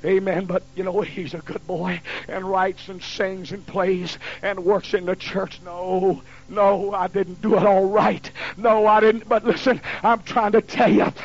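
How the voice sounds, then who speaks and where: A man in his fifties preaching a sermon in a folksy storytelling way that builds to shouting, on a dull lo-fi recording. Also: sits high, level tone, unhurried, hardly any pauses. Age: 50s. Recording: dull lo-fi recording with faint hiss.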